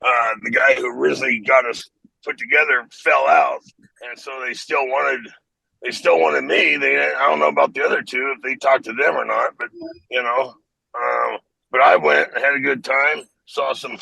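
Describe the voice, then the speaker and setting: Older man, very gravelly, bright forceful tone, husky, podcast guest. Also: mid-range voice, steady tone, normal speed, no room sound, poor audio. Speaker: guest fighter. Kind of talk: casual chat.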